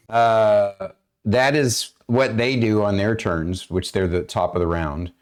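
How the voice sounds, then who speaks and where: Low-ish guy dming a d&d stream, lots of ums and throat clearing. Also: fairly even intonation, takes it slowly. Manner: rambling, many fillers and throat-clearing. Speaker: dungeon master. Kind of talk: running a tabletop game stream.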